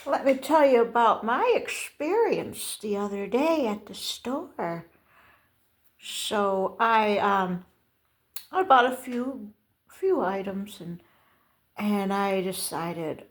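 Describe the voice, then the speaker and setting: An older woman telling a casual rambling story to camera, halting and restarting often. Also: medium pitch, lively intonation. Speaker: vlogger.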